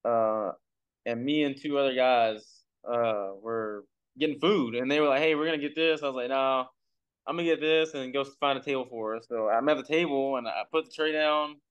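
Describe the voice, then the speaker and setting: Young male podcast guest from Texas; easygoing, rambling storyteller, clear resonant tone. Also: medium pitch, normal speed, muffled recording. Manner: laid-back, rambling with fillers. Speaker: guest, pro baseball pitcher. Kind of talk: casual storytelling. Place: recording for a podcast.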